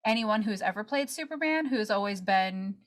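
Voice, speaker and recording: A woman's voice: mid-range voice, animated, normal speed. A woman co-hosting a podcast, talking casually and giving her opinions. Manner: opinionated, conversational. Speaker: podcast co-host. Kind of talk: casual chat.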